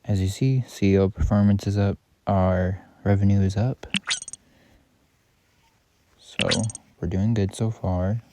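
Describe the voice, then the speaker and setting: Unhurried and pausing often, a gaming YouTuber talks over his own gameplay in a lowish, steady voice. The commentary is casual and wandering, full of self-corrections and offhand remarks, against loud background noise.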